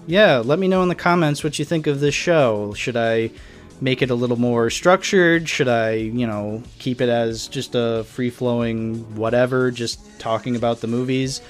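A young man hosting a casual solo podcast, reviewing a film in an exasperated, sarcastic ramble full of fillers. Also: medium pitch. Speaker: podcast host.

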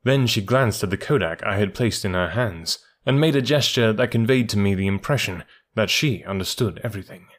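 A man reading a first-person story aloud in a measured, even narration. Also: lowish voice. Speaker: audiobook reader.

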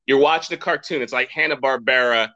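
A man hosting a podcast in casual chat, rambling and excitable and laughing often. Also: mid-range voice, a little fast, lo-fi sound. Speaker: podcast host.

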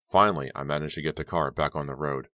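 Very deep-voiced man narrating a thriller. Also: fast talker, bright, forceful tone, no room sound, studio quality. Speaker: audiobook reader. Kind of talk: first-person audiobook narration.

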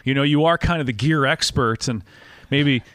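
A man's voice: medium pitch, moderate pace, a bit bright, no echo, studio quality. A man with a neutral broadcast voice, hosting a casual interview podcast in an upbeat, playful way. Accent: none, neutral broadcast. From Wisconsin. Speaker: podcast host.

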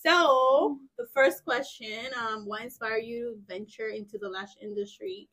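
A woman co-hosts an interview show and pitches her voice a little higher than most. She keeps the chat casual and cheers her guest on with frequent laughs and small affirmations. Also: fairly bright tone. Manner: encouraging, laughs often, quick affirmations. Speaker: podcast co-host.

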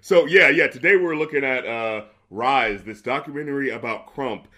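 A man's voice: mid-range voice, normal speed, bright, forceful tone. A man co-hosting a casual podcast, chatting about a documentary, rambling with many fillers, restarts and casual swearing. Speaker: podcast co-host. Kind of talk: casual chat reviewing a documentary.

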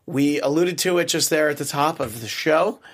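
A man's voice: fairly high pitch, fairly bright tone. Joking, slightly nasal male host. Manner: jokey, quick banter with laughs. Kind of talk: comedy news talk show.

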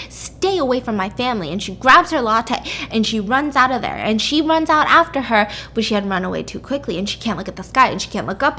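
A woman's voice: a little high, pushed and bright. A woman podcast host retelling a story in casual chat, peppering it with "like" and "freaking". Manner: chatty, lots of "like" and "freaking".

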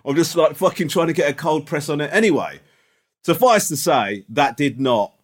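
A man's voice: on the high side, lively intonation, normal speed. A man co-hosting a podcast, telling a story in casual chat with lots of swearing. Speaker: podcast co-host.

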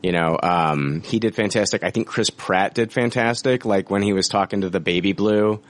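Guy hosting a movie podcast, kinda low voice, gets really into it. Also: normal speed. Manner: enthusiastic, acts out quotes. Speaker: podcast host. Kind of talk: casual movie discussion.

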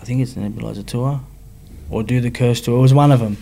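This Australian man, a Sydney rapper guesting on an interview, speaks quickly and frankly about his own life, his slang peppered with "you know what I mean." His voice is medium-pitched and warm, with vocal fry and fairly even intonation.

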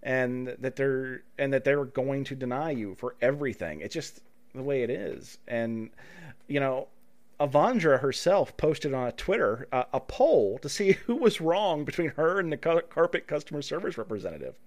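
Animated man telling stories on a podcast. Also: medium pitch, normal speed. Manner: animated storyteller, acts out quotes with a laugh. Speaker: podcast co-host. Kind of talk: casual chat.

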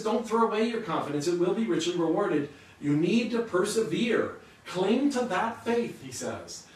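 A man's voice: high-pitched, very echoey, recorded from a distance, low-quality recording. A man preaching a sermon, teaching earnestly and asking rhetorical questions. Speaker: pastor.

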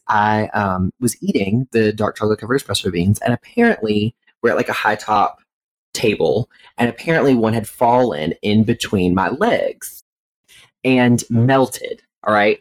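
A woman co-hosting a podcast, telling an animated story full of fillers and swearing. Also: very deep voice, no echo, poor audio. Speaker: podcast co-host. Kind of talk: casual chat, storytelling.

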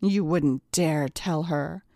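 A woman's voice: low voice, takes it slowly, dark tone, no room sound, studio quality. A woman voicing a flustered young male executive who answers with defensive, sarcastic retorts.

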